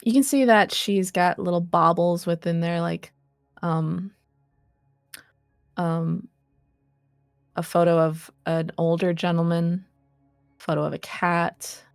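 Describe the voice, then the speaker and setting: Low, gravelly woman game master. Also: fairly even intonation, takes it slowly, long pauses, dry recording, clean studio sound, soft background music. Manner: hesitant, full of fillers. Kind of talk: narrating a tabletop game.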